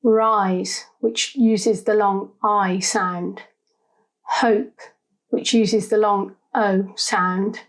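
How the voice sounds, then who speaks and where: A woman giving scripted spelling lessons, sounding out syllables slowly and deliberately. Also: mid-range voice, fairly even intonation, poor audio. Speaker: English spelling teacher. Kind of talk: scripted instructional narration.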